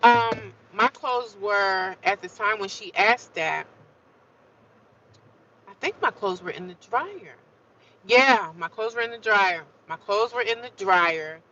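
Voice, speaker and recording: A woman tells a long, animated story on a casual livestream and keeps circling back to the same points. Her voice is bright and sharp. She sounds a bit distant on a dull mic, with faint traffic noise from the city around her. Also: mid-range voice. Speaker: vlogger.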